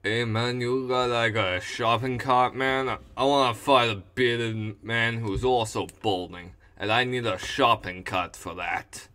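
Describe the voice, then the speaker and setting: A man's voice: medium pitch, fairly even intonation, measured pace, few pauses, sharp tone. A man doing a drawling, laid-back dude.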